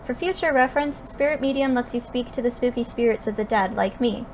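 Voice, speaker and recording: A woman voicing a friendly old male wizard ghost in a game, explaining gently. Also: a little high, fairly quick, slight background noise, lightly acted. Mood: kindly.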